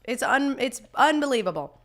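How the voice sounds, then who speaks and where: Her voice is high and sing-song, a bit bright, at a normal speed. A young woman at home is live streaming, chatting casually as she reads messages from chat, laughing frequently and starting over often mid-thought.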